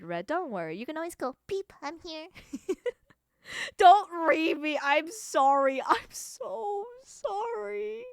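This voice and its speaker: A young woman from California streaming live as a cat VTuber, chatting with her viewers in an excitable, giggly way, swearing often and breaking into squeals. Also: medium pitch, clean tone, no echo, studio quality.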